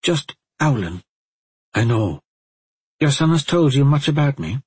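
A man's voice: medium pitch, big pitch swings, a little slow, slightly rough, no room sound, pitched above the performer's own voice, heavily acted. A man voicing a stubborn, proud young woman in an audiobook, curt and insistent. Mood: earnest.

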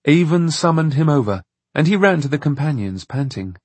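A man narrating an audiobook with lively, expressive storytelling. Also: a little high, normal speed, husky, dry recording. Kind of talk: scripted narration.

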